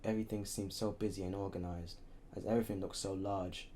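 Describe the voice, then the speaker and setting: A man with a low voice reads a novel aloud. His delivery is halting, with frequent slips and restarts. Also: flat delivery, warm tone, a little hiss or hum. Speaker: reader.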